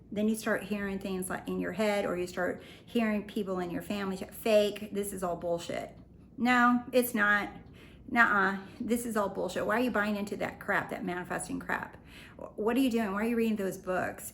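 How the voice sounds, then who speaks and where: A woman, a spiritual life coach, talking casually to her viewers in a lively, slangy way and acting out the voices she quotes. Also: medium pitch, slight background noise. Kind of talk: casual talk to camera.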